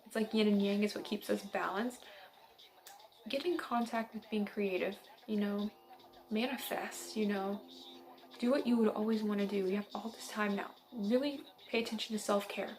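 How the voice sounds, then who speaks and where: A woman's voice: mid-range voice, fairly even intonation, normal speed, darkish tone. A young woman from central Illinois giving a casual, upbeat tarot reading, chatty and giggly. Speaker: tarot reader.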